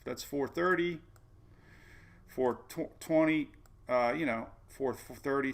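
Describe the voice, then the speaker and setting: A man's voice: medium pitch, takes it slowly, gravelly, pauses often. A man hosting a casual weather livestream, chatty and folksy, often repeating himself and saying "man". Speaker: weather show host.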